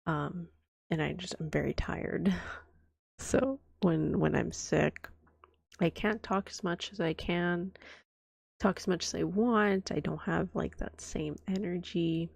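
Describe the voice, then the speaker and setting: Whispered role-play: young woman, hoarse from a cold, low gravelly voice, dry close mic. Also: takes it slowly, dry recording. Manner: chatty, soft and breathy, often drops to a whisper. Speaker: vtuber streamer.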